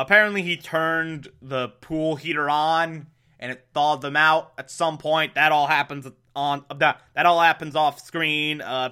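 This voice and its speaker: Sarcastic bright-voiced man recapping. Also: on the high side, clean tone. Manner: incredulous, mocking, swears. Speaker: comedic recapper.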